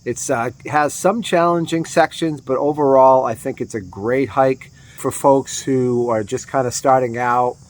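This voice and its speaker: A man's voice: medium pitch, measured pace, few pauses. Man, hiking vlog host, rambling, casual, outdoors, crickets. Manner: easygoing, rambling, many fillers. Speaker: hiking vlogger. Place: outdoors on a wooded hiking trail.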